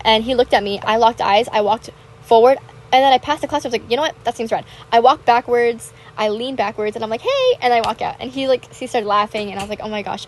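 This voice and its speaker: A woman's voice: fairly high pitch, darkish tone, a little hiss or hum, low-quality recording. A teenage girl chatting casually and bubbly about her school week while playing a game, retelling moments dramatically. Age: teens. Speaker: gaming vlogger. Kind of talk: casual chat over gameplay.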